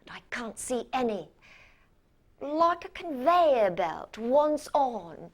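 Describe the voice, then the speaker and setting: Woman, stage monologue as a doctor, halting, stammering, unhurried. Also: high voice, very animated. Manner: hesitant, self-doubting, halting with stammered restarts. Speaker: actor playing a hospital doctor. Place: stage performance.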